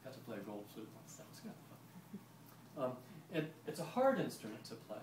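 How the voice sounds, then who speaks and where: With big pitch swings and a slightly mellow, mid-range voice, a man presents historical music live to visitors at a fairly quick pace, chatting and quizzing his audience. A far-off mic captures the roomy space and its ambient noise.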